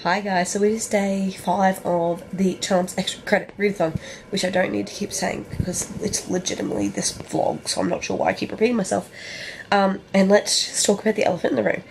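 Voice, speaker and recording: A woman's voice: medium pitch, animated, fairly quick, gravelly. Australian woman vlogging with a cold. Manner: candid and chatty, repeats words for emphasis. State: sick with a cold. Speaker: book vlogger. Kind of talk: casual vlog chat. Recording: echoey room with faint background noise.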